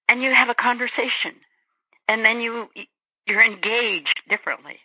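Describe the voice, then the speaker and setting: A woman's voice: medium pitch, a little fast, no echo. A woman in her eighties, born in Germany, speaking as an interview guest in a reflective, earnest way. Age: 80s. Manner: reflective, earnest, acts out small quoted remarks. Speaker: guest author. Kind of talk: interview conversation. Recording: dull lo-fi radio recording.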